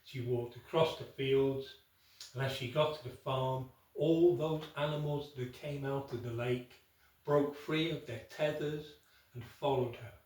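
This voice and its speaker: A man telling a folk tale aloud, unhurried, with dramatic pauses and asides to the listener. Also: mid-range voice, fairly even intonation, a little mellow. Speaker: storyteller. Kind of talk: oral folk tale storytelling. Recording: echoey room, from far off.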